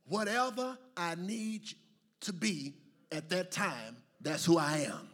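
A man with a high-set, lively, breathy voice delivers a sermon at a slightly slow pace. He shifts between playful asides and rising, chanted calls to his congregation that build toward shouted call-and-response.

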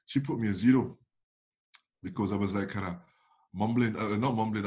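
Speaking at normal speed in a fairly low voice, this young former footballer from France, a native French speaker, swaps stories in a casual conversation. His telling is lively, full of acted-out dialogue and frequent laughter.

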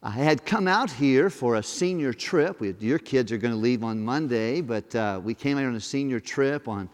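Male guest preacher, folksy storyteller, mid-pitched voice, long church-hall reverb. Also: moderate pace. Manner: folksy storytelling, acts out dialogue in lively quoted voices. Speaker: guest pastor. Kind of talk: storytelling sermon. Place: church service.

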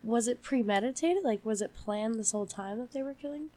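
A woman's voice: a little high, fairly quick, mellow. A woman co-hosting a casual podcast, reacting with disbelief and frequent laughs. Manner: reactive, incredulous, laughs often. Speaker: podcast co-host.

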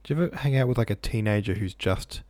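A man's voice: lowish voice, fast, darkish tone, no room sound. A man reading a novel aloud, breaking off for offhand asides full of "like". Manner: offhand, says "like" a lot. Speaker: reader.

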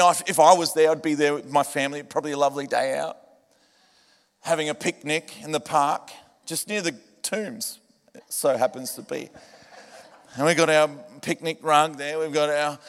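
A man preaching a sermon to a church, animated and humorous, rising to shouts at times. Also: fairly high pitch. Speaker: pastor. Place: church hall. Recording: reverberant church hall with music. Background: band music.

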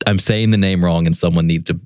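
A man with a fairly low voice talks as a player in a tabletop game. He rambles on in a chatty, self-deprecating way. The recording is dry and close. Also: steady tone, fast, darkish tone, smooth, no room sound.

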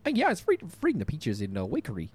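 A man's voice: mid-range voice, huge pitch swings, a little mellow, breathy edge. A man voicing a rambling old school friend from the countryside who hesitates and loses his thread, in an improvised phone-call comedy bit. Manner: hesitant, rambling, full of pauses.

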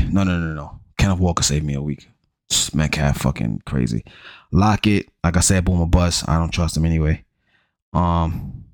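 Low-voiced man giving a slangy, profane recap. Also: a little mellow, dry recording, studio quality. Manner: slangy, profane, rambling, addresses listeners as bro. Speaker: fantasy football show host. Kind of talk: casual recap monologue.

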